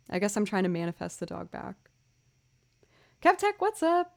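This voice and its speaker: A young streamer and musician from the Boston area chats casually with her livestream viewers, bubbly and talkative, greeting people by name. Her voice is fairly low, expressive, and a little mellow, at a normal speed.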